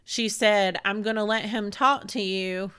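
A woman's voice: mid-range voice, fairly even intonation, unhurried, a bit bright, clean tone. A woman, co-hosting a casual talk show and retelling a frightening family event in a rambling, emotional way. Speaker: podcast co-host. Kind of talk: casual storytelling chat.

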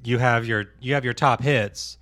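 Casual male co-host, mid-pitched, easygoing explainer. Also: fairly even intonation, normal speed, fairly bright tone. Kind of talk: casual chat.

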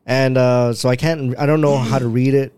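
A man's voice: mid-range voice, fairly even intonation, moderate pace, darkish tone, clear, resonant tone, no echo, studio quality. A man in casual chat, patiently explaining things and laughing often.

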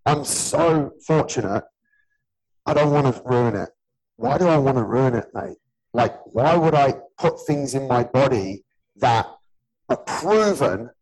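A man's voice: medium pitch, animated, unhurried, a little mellow, low-quality recording. A man in his early forties, a gym owner, talks bluntly and earnestly in a casual podcast chat. He swears freely and keeps calling the other man "mate". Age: 40s. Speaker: gym owner and personal trainer, podcast host.

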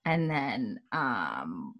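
A woman in casual chat, retelling a TV scene with quick quoted voices and laughter. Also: a bass voice, very animated, lo-fi sound. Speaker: podcast co-host. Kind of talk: casual chat recapping a TV episode.

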